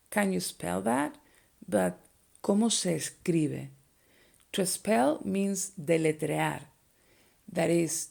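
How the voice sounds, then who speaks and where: A young woman whose first language is Spanish, teaching phrases slowly and clearly and repeating each one for learners. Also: fairly low pitch, warm tone.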